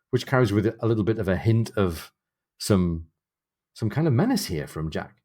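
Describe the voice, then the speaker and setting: A man's voice: on the low side, sing-song, moderate pace, darkish tone. A man co-hosting a book podcast, retelling the story with emphatic reactions and reading passages aloud. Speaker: podcast co-host. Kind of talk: book-discussion podcast chat.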